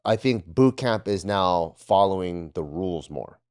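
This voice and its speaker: A man's voice: low-pitched, lively intonation, unhurried, a little mellow, clean tone. A man on a podcast casually telling profane stories about military training, often laughing and acting out drill instructors. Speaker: podcast panelist, former Marine. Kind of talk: casual storytelling.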